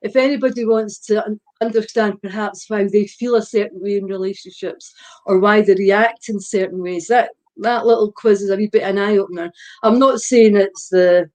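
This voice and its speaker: A woman's voice: medium pitch, fairly even intonation, moderate pace, darkish tone, poor audio. A woman co-hosting a casual chat, talking in a reassuring, reflective way and repeating phrases as she thinks. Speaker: podcast co-host.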